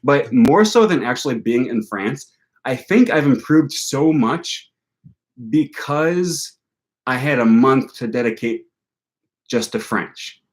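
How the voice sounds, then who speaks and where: A man's voice: medium pitch, animated, slow. A young man from Wisconsin, talking casually in a vlog, rambling with lots of fillers and restarts. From Wisconsin, United States. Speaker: language vlogger.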